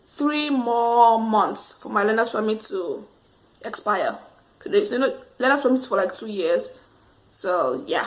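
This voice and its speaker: A woman telling a casual storytime monologue to camera, rambling and animated, laughing often. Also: a little high. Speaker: vlogger.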